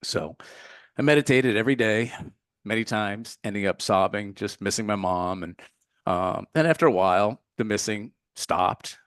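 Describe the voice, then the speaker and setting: A man with a fairly low voice tells an earnest, reflective story as a podcast guest. He often searches for the right word as he goes. The sound is dry and close, with no room in it. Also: moderate pace, clear, resonant tone, dry recording. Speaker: meditation teacher, podcast guest. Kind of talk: casual interview storytelling.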